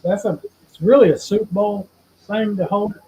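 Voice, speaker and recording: A man's voice: high-pitched, steady tone, normal speed, mellow. An older man hosting a casual home cooking video, folksy and joking as he talks to the viewers. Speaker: host. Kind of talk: casual chat addressing viewers. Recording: dull lo-fi sound with faint noise.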